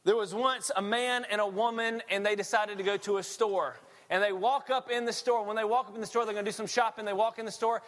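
A male pastor preaching a sermon, telling stories in an animated, laughing way. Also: high voice, quick pace, in a large hall.

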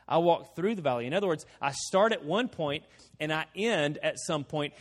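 A man preaching a sermon as pastor, animated and joking, swinging between loud emphasis and quiet asides. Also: on the high side. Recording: long reverb of a large hall.

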